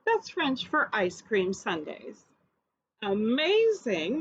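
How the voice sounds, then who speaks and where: A woman's voice: fairly high pitch, very animated, takes it slowly, dull audio. A woman preschool teacher reading a picture book aloud and coaxing children to repeat words after her.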